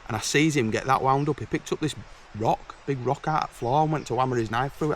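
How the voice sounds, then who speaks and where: A man's voice: mid-range voice, fast talker, a little hiss or hum. A man telling blunt, chatty stories to camera from a woodland camp outdoors. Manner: chatty, blunt, exasperated anecdotes. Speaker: camping vlogger. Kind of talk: casual storytelling to camera.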